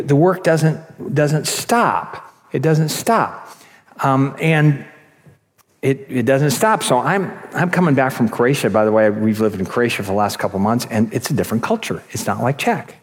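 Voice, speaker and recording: A middle-aged man giving a conference talk, telling lively stories and acting out voices, with many restarts. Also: mid-range voice. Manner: animated storytelling, acts out voices, many restarts. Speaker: conference speaker. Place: conference hall. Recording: long hall reverb.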